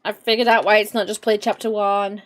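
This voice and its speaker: A woman giving casual live commentary on a game she is streaming, expressive, swearing often and teasing herself. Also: medium pitch, brisk. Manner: expressive, swears often, playfully self-mocking.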